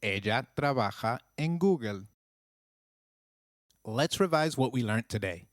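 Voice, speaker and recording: A man narrating a scripted language lesson with slow, clear, encouraging drills. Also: medium pitch, expressive, no echo, clean studio sound. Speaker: language teacher.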